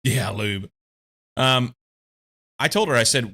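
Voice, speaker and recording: A man's voice: medium pitch, slow, long pauses, sharp tone. A man streaming a game at home, chatting casually, swearing freely and laughing often as he rambles into a desk mic. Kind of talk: casual chat while playing.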